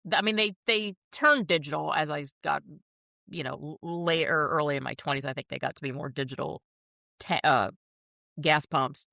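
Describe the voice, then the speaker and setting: A woman's voice: low voice, moderate pace, creaky, pushed and bright, no echo, studio quality. A woman in her fifties chatting casually as a co-host, laughing often and telling stories with animation. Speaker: podcast co-host. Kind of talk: casual chat.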